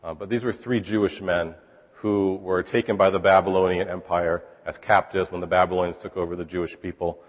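A man preaching in a relaxed, conversational way, often putting rhetorical questions to his listeners. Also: low voice, brisk. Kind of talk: conversational sermon. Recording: long hall reverb.

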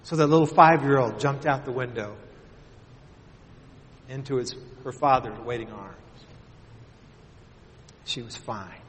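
A man preaching a sermon earnestly, lifting his voice for emphasis and dropping soft at the ends of his points. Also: mid-range voice, measured pace, long pauses. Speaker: pastor. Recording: long reverb of a large hall.

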